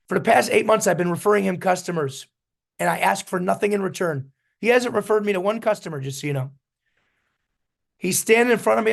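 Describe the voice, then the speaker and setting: A man's voice: high-pitched, animated, a little fast, vocal fry. A man coaching a business team in a storytelling motivational talk, repeating his key points with emphasis. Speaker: business mentor.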